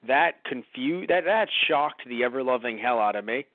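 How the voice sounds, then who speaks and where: A man's voice: mid-range voice, normal speed, dry recording. A man co-hosting a podcast, chatting casually and rambling as he talks through a TV episode. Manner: rambling, animated, acts out quotes. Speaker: podcast co-host. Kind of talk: casual review chat. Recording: dry, tinny phone-like sound.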